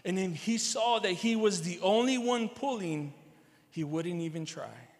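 A man doing a calm old country farmer. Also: high voice, measured pace. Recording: long hall reverb.

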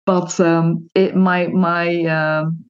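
Casting: woman guest, somewhat low voice, chatty and animated, dull lo-fi call audio. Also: extremely slow, clean tone. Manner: chatty and animated, laughs often, restarts words. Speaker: podcast guest. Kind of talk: interview conversation.

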